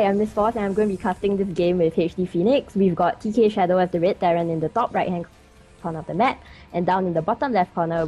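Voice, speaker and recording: Nervous warm-voiced woman casting. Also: on the low side, poor audio. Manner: hesitant, many fillers. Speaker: first-time game caster. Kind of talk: live esports commentary.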